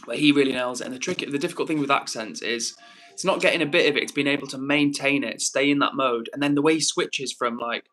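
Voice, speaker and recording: A young man runs a livestream in a fast, mid-range, slightly bright voice, chatting in a relaxed, cheerful way and reading out messages from the chat.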